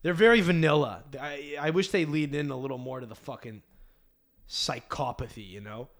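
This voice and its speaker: A man's voice: on the high side, moderate pace, fairly bright tone. Profane, rambling male podcast host. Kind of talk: casual comedic rant.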